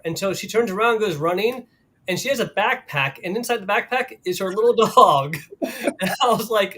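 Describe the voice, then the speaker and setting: A man's voice: high voice, normal speed, fairly bright tone. Upbeat man co-hosting a live stream. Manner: upbeat, laughs often, uses many fillers. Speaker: co-host of company live stream. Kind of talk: casual chat.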